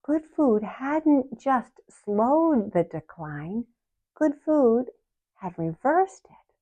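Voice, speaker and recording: A woman in her sixties, the channel host, telling her personal story to camera in a slow, earnest way with soft laughs. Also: on the high side, sing-song, slightly rough, narrow, tinny audio. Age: 60s.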